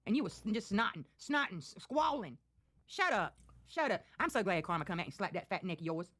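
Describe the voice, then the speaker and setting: A woman's voice: medium pitch, very animated, fairly quick, a bit bright. A woman on a livestream, taunting and gloating while swearing freely. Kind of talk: casual livestream talk.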